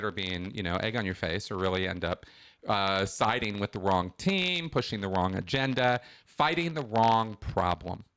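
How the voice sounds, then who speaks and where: Bright-voiced animated man. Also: on the low side, smooth. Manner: animated, emphatic, restarts often. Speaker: host of a call-in show. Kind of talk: casual monologue.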